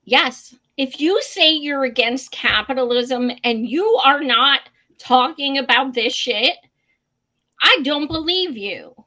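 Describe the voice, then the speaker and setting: A slow-talking young woman with a high, bright voice co-hosts a casual political livestream. She talks bluntly and curses freely, and she laughs often between points. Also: animated, poor audio. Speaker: co-host of a political live stream.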